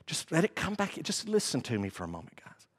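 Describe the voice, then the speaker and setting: A male preacher voicing a wise elder council teacher who pleads with angry men to calm down and wait. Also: on the high side, a little fast, slightly rough, heavily acted. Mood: soothing. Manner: pleading, urgent, then hushed and soothing.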